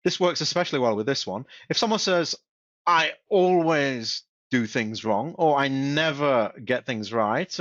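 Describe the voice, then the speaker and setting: Guy doing a webinar, kinda high voice, stumbles and repeats himself a lot, dull dry sound. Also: fairly bright tone, no echo. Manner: halting, repeats words and restarts often. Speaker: webinar presenter. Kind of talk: casual instructional webinar. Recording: dull, dry close-mic recording.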